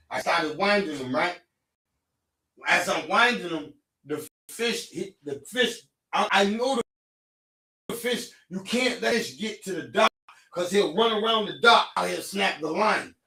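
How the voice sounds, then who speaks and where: Podcast storyteller, man, high bright voice, heated and profane, echoey room, off-mic. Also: lively intonation, unhurried, creaky, distant mic. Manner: profane, heated, accusing, swings between low mutters and shouting. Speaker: podcast host telling a story. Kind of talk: animated storytelling to a friend.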